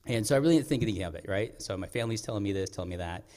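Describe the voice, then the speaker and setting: Deep-voiced man telling a story on stage. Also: lively intonation, darkish tone. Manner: earnest, reflective, pauses and clears throat. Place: performing arts center stage. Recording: long hall reverb.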